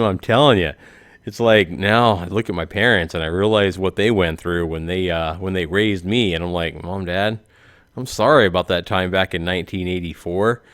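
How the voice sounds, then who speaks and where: A man's voice: on the low side, a bit bright, dry recording. Joking, rambling man in his forties. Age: 40s. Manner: rambling, laughs at his own jokes. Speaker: YouTuber. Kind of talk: joking comedic monologue.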